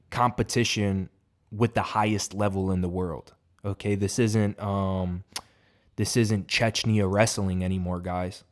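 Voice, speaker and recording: A man's voice: fairly low pitch, darkish tone. A man giving a casual, profane fight reaction, rambling and emphatic. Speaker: MMA reaction host.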